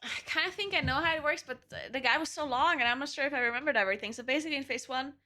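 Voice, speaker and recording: A woman's voice: high-pitched, very fast, sharp tone. A woman streamer chatting casually and thinking aloud while setting up her game, laughing often. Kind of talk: casual live-stream chat while gaming.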